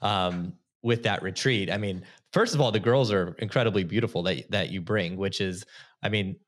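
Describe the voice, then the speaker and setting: A male podcast host with a fairly low voice, chatting casually with his guest. He stumbles and restarts often and laughs readily as he talks. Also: moderate pace.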